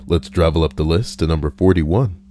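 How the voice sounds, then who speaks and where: Deep-voiced joking male streamer. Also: normal speed, warm tone, soft background music. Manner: jokey, breaks into squeaky silly voices. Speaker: streamer reading stories aloud. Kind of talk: live-stream reading with chat.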